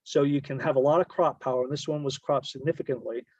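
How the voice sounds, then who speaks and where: A man's voice: medium pitch, fairly even intonation, fast talker, dry recording. Man explaining photography over a dull mic. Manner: explanatory, rambling, self-correcting. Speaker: bird photography presenter. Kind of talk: casual slideshow presentation.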